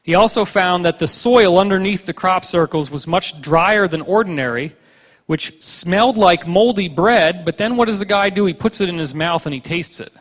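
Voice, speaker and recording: Long reverb fills the conference hall as a man gives a slide lecture, joking sarcastically and performing the voices of the people he quotes. His high-pitched voice is fairly bright and moderately paced.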